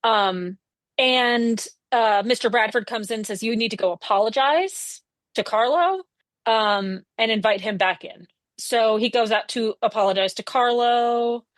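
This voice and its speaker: A woman co-hosting a comedy podcast, talking through a TV episode with lively, swearing energy and acting out the characters as she goes. Her voice sits a little high. The sound is dry and close, with no room around it. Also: a little slow, dry recording. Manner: animated, swears freely, acts out characters' lines. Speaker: podcast co-host. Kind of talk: casual podcast chat recapping a TV episode.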